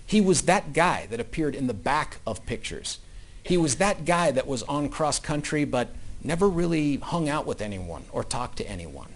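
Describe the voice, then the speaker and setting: A man's voice: big pitch swings, moderate pace. Man delivering a courtroom opening statement. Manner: storytelling, swinging between loud emphatic bursts and low quiet asides. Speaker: prosecutor.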